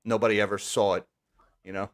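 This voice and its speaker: A man's voice: fairly low pitch, little pitch movement. Wry, chatty man hosting a livestream. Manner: chatty, wry, quick asides. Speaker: livestream host. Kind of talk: casual live-stream chat.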